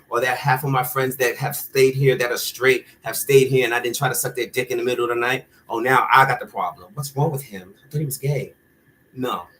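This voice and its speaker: A man's voice: mid-range voice, a bit bright, a little hiss or hum, rough recording. A man talking straight to the camera in a candid rant, blunt, profane and heated. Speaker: vlogger.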